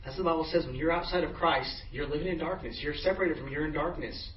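A man's voice: on the high side, fast talker, slight background noise. A man in middle age preaching a sermon as pastor, casual storytelling with frequent restarts. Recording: echoey, distant, dull room sound.

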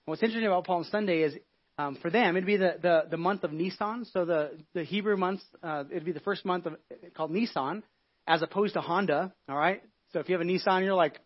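A male pastor preaches in a relaxed, conversational way, retelling the story with lots of restarts and asides. His voice sits high and he talks quickly. The church recording sounds dull and lo-fi. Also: slightly rough. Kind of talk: casual conversational sermon.

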